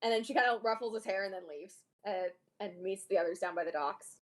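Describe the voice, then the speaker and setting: A woman's voice: medium pitch, fairly quick. A woman playing a tabletop game, explaining in a chatty, filler-heavy way. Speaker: player. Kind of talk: casual tabletop play.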